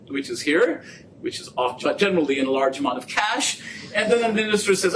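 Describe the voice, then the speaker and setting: A middle-aged man giving a public lecture as a guest speaker, an animated storyteller who jokes with the audience. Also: brisk. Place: lecture room. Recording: distant mic with faint rumble.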